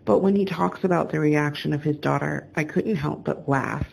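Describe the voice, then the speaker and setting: A woman hosting a show, reading calm, measured scripted narration. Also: deep voice, creaky, very noisy. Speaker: show host.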